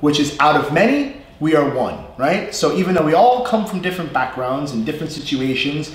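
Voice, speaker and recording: A man with a New York accent leads a casual live English lesson in a slightly high voice. He talks freely, checks in with his listeners as he explains, and sounds like he is in an echoey room. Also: expressive, fast talker. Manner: chatty, explains with frequent "right?" and "you know". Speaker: English teacher. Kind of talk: live online class chat.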